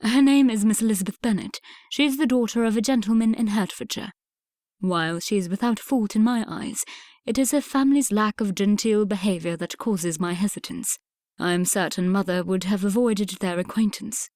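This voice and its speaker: A woman reading an audiobook, voicing a reserved young Regency gentleman who speaks in a measured, formal way. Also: mid-range voice, no echo, studio quality, lightly acted. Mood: earnest.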